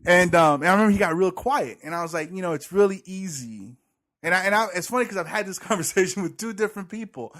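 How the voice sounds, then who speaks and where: Very fast and with few pauses, a man with a high, sharp voice co-hosts a podcast, chatting sarcastically and casually about church. He tells stories and acts out what others said, his heavy breathing clearly audible.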